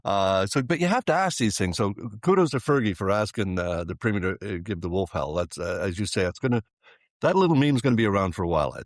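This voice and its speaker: A political journalist on a panel, telling stories animatedly. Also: male voice, lowish voice, fast, no echo, clean studio sound. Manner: animated storyteller. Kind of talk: casual panel chat.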